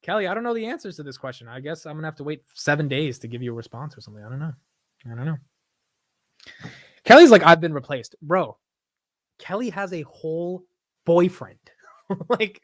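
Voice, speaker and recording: A man's voice: fairly high pitch, no echo, clean studio sound. A young man hosting a casual late-night livestream, chatting in laid-back slangy banter and laughing often. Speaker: livestream host.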